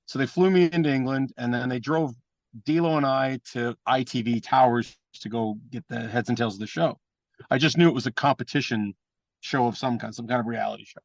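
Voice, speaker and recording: A man's voice: medium pitch, fairly quick, no echo, muffled recording. A man, a pro wrestler, telling blunt and profane stories in an interview and mimicking the people in them. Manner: animated anecdotes with mimicked voices. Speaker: guest, pro wrestler and trainer. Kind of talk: casual storytelling interview.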